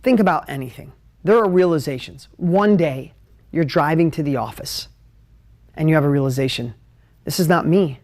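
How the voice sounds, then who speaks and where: A man teaching at a whiteboard on a live stream, emotional and animated, jumping between ideas and talking straight to his viewers. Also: on the high side, normal speed. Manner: talks straight to viewers, asks for comments. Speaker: business coach hosting a live stream.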